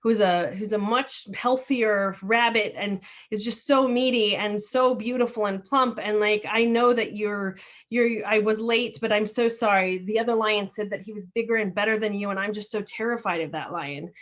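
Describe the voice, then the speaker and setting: A woman's voice: medium pitch, normal speed, a bit bright, natural voice. A woman voicing a cunning, frightened male hare who pleads and gushes, in a storytelling talk over a video call. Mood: pleading. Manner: pleading, gushing, fearful.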